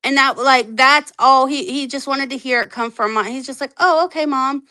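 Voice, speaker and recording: A woman in her thirties telling her own story candidly on a podcast, animated, acting out the voices she quotes and swearing freely. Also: sits high, normal speed, low-quality recording. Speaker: podcast guest.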